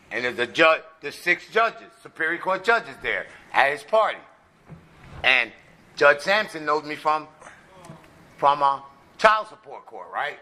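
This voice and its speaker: A man sharing his recovery story at a meeting, telling it as a lively tale and checking in with "right?" as he goes. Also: on the high side. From United States. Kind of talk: personal testimony with jokes.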